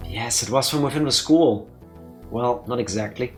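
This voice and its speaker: A man's voice: medium pitch, moderate pace, darkish tone, soft background music. A man hosting a let's play, reading a visual novel aloud with playful, joking asides.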